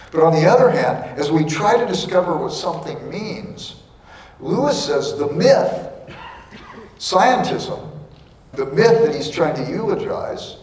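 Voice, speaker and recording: A man's voice: on the high side, darkish tone, a little hiss or hum. A middle-aged man giving a lecture with earnest explanation and wry asides. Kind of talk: lecture with anecdotes. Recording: echoey hall, speaker far from mic.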